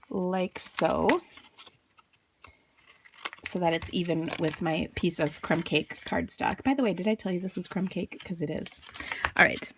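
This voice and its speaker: A bubbly woman hosts a casual craft tutorial, chatting through each step with playful asides. Her medium-pitched voice leaps high whenever she gets excited. A faint hiss sits under the recording. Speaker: crafting channel host.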